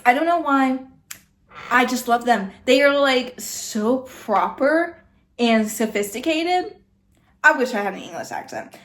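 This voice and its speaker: Blunt, chatty woman with a high voice. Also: a bit bright. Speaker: reaction video host. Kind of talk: casual reaction commentary.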